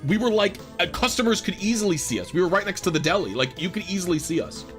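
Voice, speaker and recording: A man's voice: high voice, lively intonation, fast, fairly bright tone, soft background music. A man streaming a game, rambling casually through a story with lots of fillers and exasperated asides. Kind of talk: casual storytelling while gaming.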